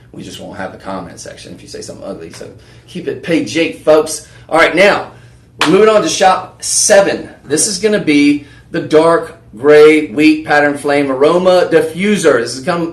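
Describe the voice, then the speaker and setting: Male home-shopping host, rambling live pitch, mid-pitched voice, roomy studio. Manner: rambling, chatty, lots of fillers and restarts. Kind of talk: live on-air sales pitch.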